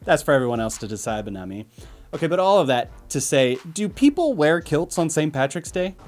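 A man's voice: fairly high pitch, big pitch swings, a little fast, soft background music. Chatty rambling man hosting a vlog. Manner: chatty, rambling, self-deprecating. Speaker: video host. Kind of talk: casual commentary vlog.

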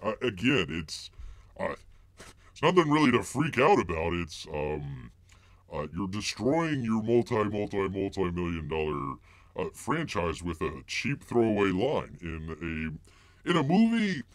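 A man hosting a rambling live-stream commentary, his pitch leaping and dropping all over the place. He mocks his targets, stumbles through constant filler words and refers to himself in the third person. The sound is close and dry. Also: very animated, measured pace, no room sound. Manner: heavy filler words and restarts.

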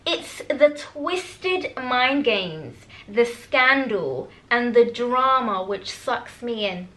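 Excitable woman in her twenties, high bright voice, gushing book-vlog chat. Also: very slow. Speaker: book vlogger. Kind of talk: casual reading vlog chat.

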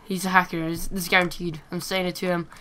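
Woman, casual gameplay commentary, bright tone, excitable, swears often. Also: fairly low pitch, quick pace, a little hiss or hum. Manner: excitable, swears when frustrated. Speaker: gamer commentating her play.

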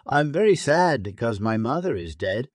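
A man's voice: medium pitch, big pitch swings, normal speed, dry recording, clean studio sound, pitched above the performer's own voice. A man voicing a sly female monkey who fibs and pleads innocently, read out in a storybook tale for learners. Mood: pleading. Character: sly female monkey, quick-talking and fibbing.

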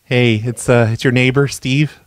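A man makes prank phone calls, stammering and apologizing in a deadpan way. His voice sits at an ordinary middle pitch. It is recorded close and dry, with no room sound. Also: moderate pace, no echo. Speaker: prank caller and show host. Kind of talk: prank phone call comedy.

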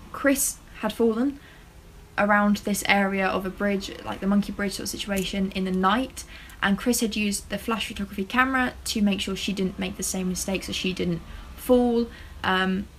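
A woman's voice: medium pitch, gravelly, a little hiss or hum, poor audio. Chatty woman vlogger who stumbles over words. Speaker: true-crime vlogger. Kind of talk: casual to-camera talk.

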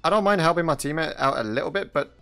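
A young mobile gaming YouTuber gives casual, jokey commentary over his own mobile shooter gameplay, laughing often at teammates and enemies. His voice is a little high, expressive, quick, creaky, pushed and bright. Music plays faintly behind him.

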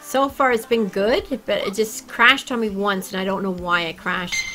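A woman chatting casually and excitably with her viewers while she plays a game on a livestream. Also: medium pitch, normal speed, music in the background, low-quality recording. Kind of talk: casual gaming livestream chat.

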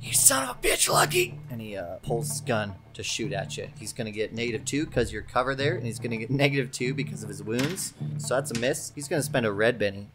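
A man running a Western tabletop game as game master, narrating the action with excited asides and swearing. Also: mid-range voice, quick pace, hardly any pauses, music in the background.

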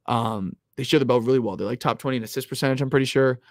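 A young man hosting a live stream about sports bets, talking casually and loudly at times, rambling with lots of "like"s and restarts close to his mic. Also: mid-range voice, rapid-fire, no room sound. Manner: rambling, filler-heavy, restarts with "like"; animated, loud at times. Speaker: sports betting host.

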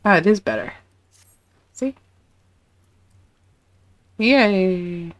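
A woman's voice: mid-range voice, very slow. Chatty woman streaming a game. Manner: chatty, laughs often, reads game text aloud. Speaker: VTuber streamer. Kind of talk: casual gameplay stream chat.

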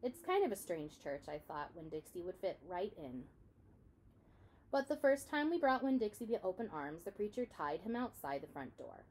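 A woman reading a children's novel aloud in an expressive storytelling manner. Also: lowish voice, moderate pace, slight background noise. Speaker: reader.

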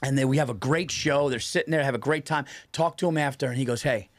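A man hosting a podcast, telling a story in casual, animated chat. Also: mid-range voice, fast, no room sound, studio quality. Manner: storytelling, animated, restarts often. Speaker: podcast host.

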